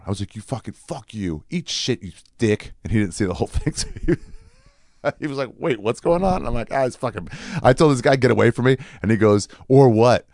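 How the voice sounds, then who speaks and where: A man's voice: low voice, a little mellow, dry recording, studio quality. A man in his forties, a comedian delivering a rambling, profane, sarcastic monologue.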